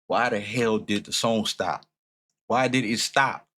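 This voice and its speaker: A man streaming a music reaction, talking casually and swearing often, swinging between loud outrage and low muttering. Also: measured pace.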